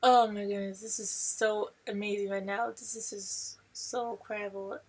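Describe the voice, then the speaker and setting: A woman vlogger giving an excited, rambling reaction to a movie trailer, gushing and talking in loose run-on thoughts. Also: mid-range voice, normal speed, breathy edge.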